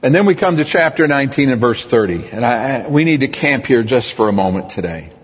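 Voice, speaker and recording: A middle-aged man preaching a sermon as pastor, earnest and slowing down on key words. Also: medium pitch, lively intonation, slightly rough. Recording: distant echoey church hall, dull sound.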